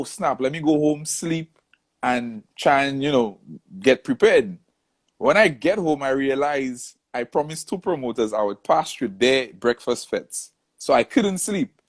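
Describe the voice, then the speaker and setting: A man recounts a story in a relaxed interview. His pitch sits in an ordinary middle range. He tells it with lively energy and acts out the people he quotes. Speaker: soca artist, interview guest.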